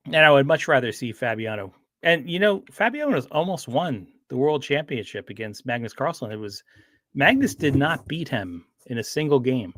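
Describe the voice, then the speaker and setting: A man's voice: mid-range voice, animated, moderate pace, fairly bright tone, no echo, clean studio sound. A man chatting casually on a livestream, rambling with frequent restarts and fillers. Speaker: streamer.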